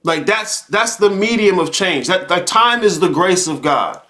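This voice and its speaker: A man's voice: high-pitched, expressive, a little slow, sharp tone. A man hosting a live monologue, preaching about time and spirit in a profane, heated rant, often repeating himself and asking "okay?". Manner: repeats words, frequent rhetorical "okay?". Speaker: host.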